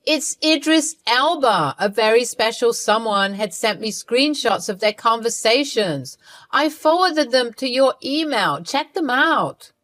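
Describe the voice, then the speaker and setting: A woman's voice: fairly high pitch, animated, a little slow, fairly bright tone, dry recording, clean studio sound. A woman voicing a smug, scheming mother-in-law who gloats as she talks.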